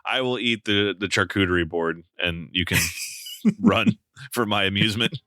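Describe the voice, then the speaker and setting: Low bright-toned man, wry jokes. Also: normal speed, dry recording, clean studio sound. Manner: wry, joking. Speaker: podcast co-host. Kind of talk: casual film review chat.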